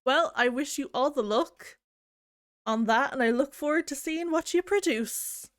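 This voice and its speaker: A woman's voice: high voice, unhurried, no room sound, clean studio sound. A woman streamer chatting casually with viewers, rambling and self-deprecating with plenty of giggles. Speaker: game streamer. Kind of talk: casual chat.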